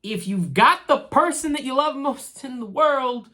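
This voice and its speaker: A woman's voice: sits high, unhurried. A woman giving casual commentary on a TV series, rambling and laughing, and talking straight to the characters as if they could hear her. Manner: animated, talks straight to the characters; chatty, rambling, laughs easily. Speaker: TV show reviewer.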